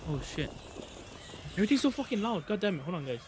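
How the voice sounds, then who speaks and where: A man streaming a video game live, excitable, swearing a lot and joking with chat. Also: high-pitched, fast talker, a little hiss or hum. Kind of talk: live gameplay commentary.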